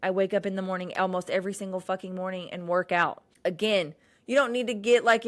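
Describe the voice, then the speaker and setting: A young woman with a fairly low voice, hosting her own podcast in a loose, unscripted monologue. She talks bluntly and swears freely, often restarting her sentences as she rambles on. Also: fairly even intonation, fairly quick, fairly bright tone. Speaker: podcast host. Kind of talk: casual solo podcast monologue.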